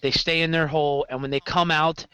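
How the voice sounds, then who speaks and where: A man's voice: on the high side, brisk, clean tone, low-quality recording. A man chatting casually on a podcast about running his games, rambling and correcting himself as he goes. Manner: rambling, self-correcting, animated storytelling. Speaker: game master guest.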